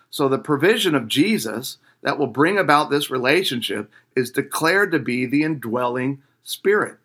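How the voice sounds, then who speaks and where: A man with a bright, forceful voice leads a devotional lesson for couples. He talks in a loose, conversational way and keeps putting questions to his listeners. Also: mid-range voice. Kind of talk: casual devotional teaching.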